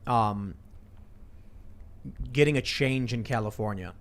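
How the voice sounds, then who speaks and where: A man's voice: lowish voice, takes it slowly. A man hosting a casual political chat show, talking animatedly and acting out other people's lines. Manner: animated, acts out quotes in shifting voices. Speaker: show host.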